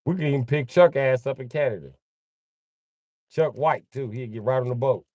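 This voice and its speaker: A man's voice: medium pitch, moderate pace, darkish tone, no echo. A man rambling casually and joking on a livestream, swearing freely and laughing often.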